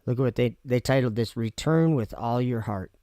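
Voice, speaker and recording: A man's voice: mid-range voice, mellow, dry recording. Man musing over scripture, dry close sound. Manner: reads aloud with pauses and restarts. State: talking with candy in his mouth. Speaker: video host. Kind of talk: casual Bible reading and musing.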